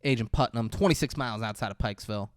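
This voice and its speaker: A man's voice: medium pitch, rapid-fire, no room sound, clean studio sound. A man co-hosting a podcast, casually recapping a film, swearing freely and acting out the characters' lines. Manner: profane, retells scenes acting out lines. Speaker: podcast co-host. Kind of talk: casual movie recap chat.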